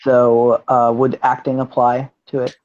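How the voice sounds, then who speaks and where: A man's voice: medium pitch, monotone, measured pace, darkish tone, muffled recording. A man playing a tabletop game, rambling in the first person about what his character does. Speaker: player.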